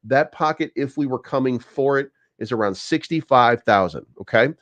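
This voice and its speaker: A man's voice: mid-range voice, animated, moderate pace, fairly bright tone, no echo, highs cut off. A man hosting a crypto channel, talking casually through price charts, rambling with lots of fillers, repeated words and casual swearing.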